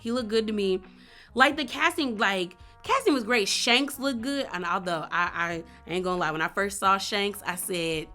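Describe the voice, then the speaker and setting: A woman's voice: mid-range voice, normal speed, soft background music. A young woman talking casually and emphatically as a vlogger, reviewing a series. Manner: animated, emphatic, slangy.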